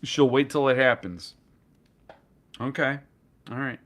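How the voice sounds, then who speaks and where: A man's voice: mid-range voice, takes it slowly, fairly bright tone. A man hosting a casual live stream about books, rambling and joking as he reacts to chat comments. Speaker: booktuber host.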